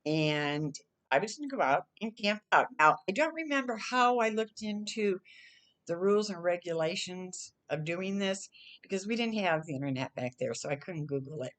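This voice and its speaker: A woman's voice: lowish voice, moderate pace. Chatty older woman telling a story. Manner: chatty, animated, acts out her own quoted lines. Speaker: storyteller vlogger. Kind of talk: casual storytelling.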